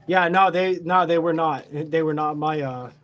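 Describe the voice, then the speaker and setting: A man's voice: on the high side, moderate pace, a bit bright. A man telling a story in a casual, boastful, heavily profane, rambling way.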